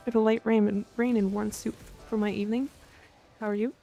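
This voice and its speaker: A woman's voice: medium pitch, little pitch movement, brisk, gravelly, mellow. A young woman streaming live, chatting playfully with her viewers and answering their comments. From Canada. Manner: playful, reads chat aloud and answers it, growls "rawr" at viewers. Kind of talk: casual live-stream chat.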